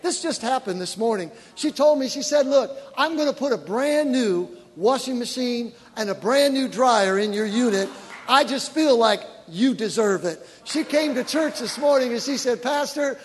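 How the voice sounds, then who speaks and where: A man, a pastor, preaching a sermon with animated storytelling that rises to shouted praise. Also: extremely high pitch, normal speed, slight background noise. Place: large church auditorium. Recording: long reverb of a large church hall with congregation. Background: faint congregation.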